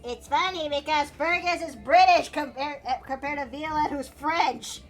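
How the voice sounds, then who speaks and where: A woman's voice: sits high, moderate pace. A woman streaming while she draws, chatting casually, giggling and rambling with many restarts. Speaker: streamer and artist.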